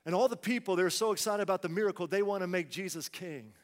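A man preaching in a church, his fairly high voice rolling out with a long reverb tail. He asks the congregation pointed questions and acts out the complaints of fearful people. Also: fast talker. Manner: rhetorical questions, dramatic quoted complaints. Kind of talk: sermon.

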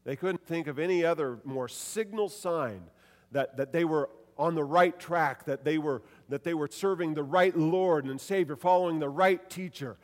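A man preaching in a church sanctuary, his voice sitting a bit high for a man. Long reverb from the big hall trails after each phrase. He is animated, dropping soft and then rising loud as he acts out quoted lines. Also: moderate pace. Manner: animated preaching, acting out quoted lines with shifts in pitch and loudness. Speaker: pastor. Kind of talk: sermon.

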